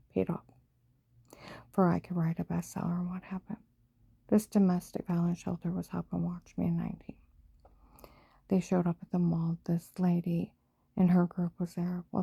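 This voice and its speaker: A woman speaks mostly in a hushed, unvoiced whisper, her low voice dark and gravelly with a breathy rasp. She talks urgently in run-on bursts and now and then breaks into louder outbursts, all close and dry with no room around her. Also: no room sound, dull audio. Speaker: vlogger. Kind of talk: rambling personal monologue.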